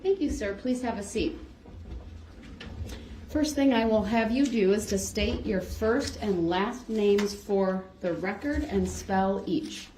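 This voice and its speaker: A woman's voice: medium pitch, slow, mellow, a little hiss or hum. Woman judge in an echoey courtroom. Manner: orderly, formal instructions. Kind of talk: courtroom proceedings. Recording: echoey courtroom livestream audio.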